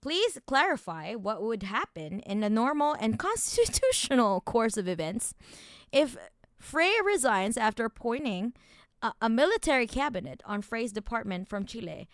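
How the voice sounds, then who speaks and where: A woman streamer with a fairly high, smooth, crisp voice. She reads documents aloud in a low mutter, then breaks into loud, profane, angry rants. The sound is close and dry, with no room echo. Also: very animated, moderate pace. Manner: angry, profane, swings between muttered reading and loud ranting. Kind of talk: reacting to and reading out documents.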